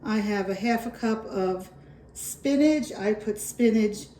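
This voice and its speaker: Woman with a New York accent, cooking-channel host, easygoing and reassuring, unhurried delivery, mellow tone. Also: mid-range voice, reverberant, far from the mic, a little hiss or hum, poor audio. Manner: chatty, reassuring, with fillers. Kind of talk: casual cooking demonstration.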